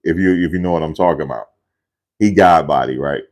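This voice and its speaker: A man's voice: extremely low pitch, brisk, darkish tone. A man casually telling a rambling family story in a loose, slangy way, often repeating himself.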